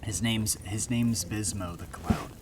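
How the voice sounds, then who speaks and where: A man's voice: fairly low pitch, measured pace, distant mic. A man telling an improvised story outdoors at a campfire, rambling with many fillers and restarts. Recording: outdoor campground noise.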